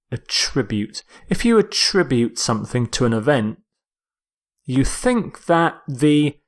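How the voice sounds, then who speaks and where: A man teaching English vocabulary in a lecture, speaking deliberately and repeating key words. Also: mid-range voice. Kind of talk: slow scripted vocabulary lecture.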